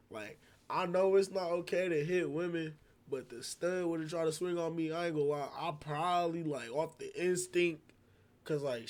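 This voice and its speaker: High-voiced young man telling a story. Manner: slangy, rambling, animated retelling. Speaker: streamer. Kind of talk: casual storytelling. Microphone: streaming setup microphone.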